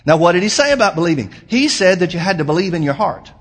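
A man preaching a sermon as pastor, emphatic, slowing down to quote scripture. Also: sits high, sing-song, breathy edge.

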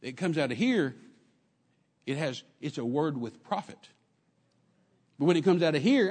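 A man preaching a sermon in an animated way, acting out quotes and dropping at times to a soft murmur. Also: on the high side, moderate pace, long reverb tail. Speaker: pastor.

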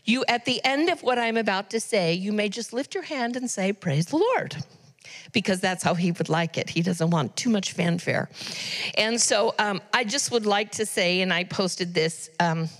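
A woman's voice: mid-range voice, animated, normal speed. A middle-aged woman giving church announcements from the pulpit, chatty and earnest, with frequent ums and asides. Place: church sanctuary. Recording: long reverb of a church hall.

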